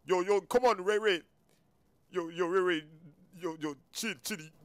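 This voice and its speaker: A man's voice: high-pitched, normal speed, no echo. A gaming YouTuber, a man chatting in a jumpy, panicky way full of "yo" while role-playing through gameplay. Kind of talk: excited role-play gameplay chat.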